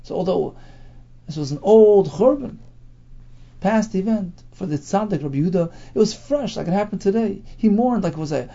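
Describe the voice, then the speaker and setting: Gravelly man teaching Talmud. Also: high-pitched, expressive, normal speed, dark tone, lo-fi sound. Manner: explains in English phrase by phrase, mixing in Hebrew terms. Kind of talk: Talmud class lecture.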